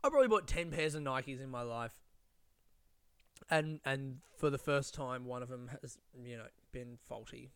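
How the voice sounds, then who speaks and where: A man's voice: mid-range voice, lively intonation, normal speed, a bit bright, clean tone, no room sound. A man hosting a casual solo podcast, ranting in a rambling, profane way with lots of restarts. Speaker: podcast host.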